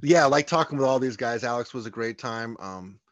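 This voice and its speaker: A man's voice: mid-range voice, fairly quick, no echo. A man from North Carolina co-hosting a podcast, talking casually in an enthusiastic, rambling way. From North Carolina, USA. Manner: rambling, enthusiastic, many restarts. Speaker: podcast co-host. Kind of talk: casual chat.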